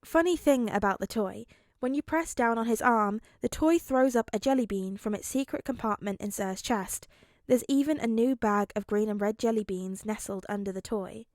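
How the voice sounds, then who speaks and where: A woman's voice: a little high, moderate pace, a little mellow, dry recording, studio quality. Woman narrating fan fiction aloud. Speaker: podfic reader.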